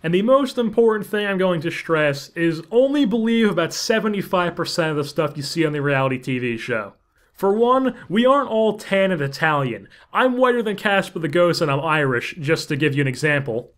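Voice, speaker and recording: A man's voice: fairly high pitch, lively intonation, brisk, fairly bright tone. A young man in his late teens from Central New Jersey, with a Jersey accent, telling joking stories as a gaming channel commentator. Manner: joking, sarcastic asides, rising emphasis. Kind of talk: casual storytelling over gameplay.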